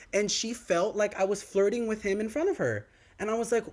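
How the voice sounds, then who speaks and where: A young man spins a story on a podcast in easy, casual chat. His fairly high voice swings widely, leaping up whenever he plays out what someone said. He sounds like a studio co-host mid-anecdote. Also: fairly quick, hardly any pauses. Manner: animated, acts out quoted dialogue with big pitch swings.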